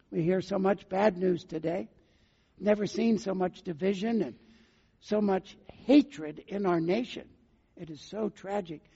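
A man's voice: sits high, mellow, slightly rough. An older man preaching a sermon as a pastor, earnestly putting questions to his listeners. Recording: muffled sound with long hall reverb.

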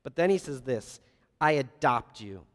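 A man preaching a sermon, earnest, swinging between loud emphasis and soft, quiet lines. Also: medium pitch, expressive, a little slow. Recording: long reverb of a large hall.

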